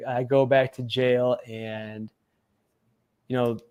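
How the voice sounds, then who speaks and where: Man, interview guest, casual storytelling, animated quoted voices, lots of "like" and "you know". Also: medium pitch, slow, clean tone. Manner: animated retelling, acts out quoted voices, many fillers. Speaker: guest, former Navy SEAL.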